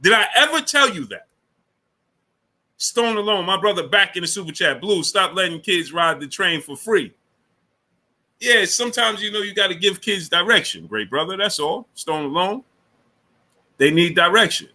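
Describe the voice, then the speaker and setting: Bright-voiced man lecturing his live chat. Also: sits high, very animated, moderate pace. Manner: lecturing, repeats himself, greets chatters by name. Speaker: boxing channel host. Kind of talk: live stream chat, answering viewers.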